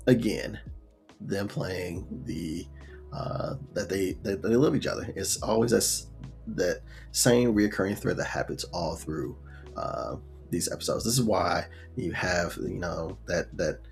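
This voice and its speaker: Low gravelly guy casually recapping a show, rambly, faint music underneath. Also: unhurried. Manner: laid-back retelling, full of fillers and acted quotes. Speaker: show reviewer.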